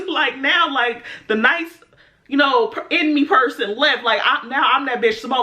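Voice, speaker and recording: Young woman vlogger, high and bright, acts out quotes in a laughing rant. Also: normal speed. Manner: animated, laughing storyteller acting out quotes. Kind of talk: storytime rant.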